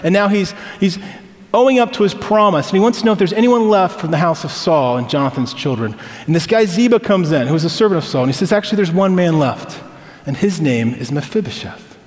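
Higher-voiced male pastor in reverberant church. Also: animated, a little fast. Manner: conversational storytelling with personal anecdotes. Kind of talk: sermon. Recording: long hall reverb.

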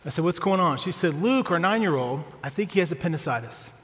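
A man's voice: a little high, expressive, quick pace, a bit bright, long reverb tail. A male pastor preaching a sermon, telling a family story with humor and often asking the congregation "right?".

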